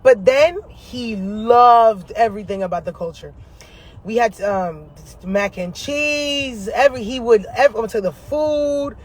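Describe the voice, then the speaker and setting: A faint hiss or hum sits under the very high voice of an astrology vlogger talking unhurriedly to camera in his parked car. His casual storytelling is animated and full of slang and swearing, punctuated by frequent laughs.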